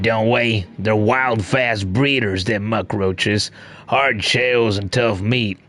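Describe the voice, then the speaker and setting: A man's voice: lowish voice, a bit bright. A man voicing a scruffy, wheedling male bug scavenger in a video game, with an Australian accent and a coarse, slangy drawl.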